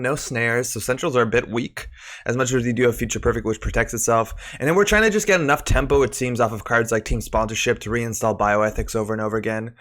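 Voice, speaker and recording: A man's voice: medium pitch, fairly bright tone. A man hosting a live stream, chatting about a card game and greeting viewers by name, slightly out of breath. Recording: faint music behind.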